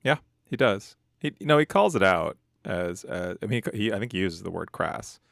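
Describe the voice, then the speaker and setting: Man, podcast co-host, very deep voice, gravelly, easygoing and hedging, dry sound. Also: expressive, moderate pace, a bit bright, no echo. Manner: easygoing, hedging, many fillers. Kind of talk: casual chat.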